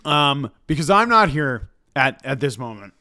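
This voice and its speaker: A man's voice: mid-range voice, big pitch swings, normal speed, sharp tone, a little hiss or hum. A man co-hosting a podcast, chatting casually with a dry, teasing wit. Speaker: podcast co-host. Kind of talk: casual chat.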